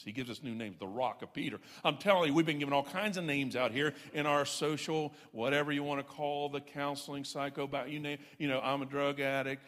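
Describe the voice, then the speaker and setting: A man's voice: medium pitch, fairly bright tone. Emphatic folksy man preaching in a hall. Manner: folksy, self-deprecating, emphatic preaching with repeated "I'm telling you". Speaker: pastor. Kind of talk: sermon. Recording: long reverb of a large hall.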